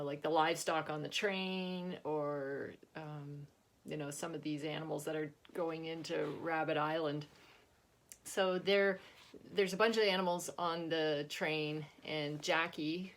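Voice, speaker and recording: A woman author chatting casually about her book and reading from it. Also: sits low. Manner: chatty, laughs often, restarts.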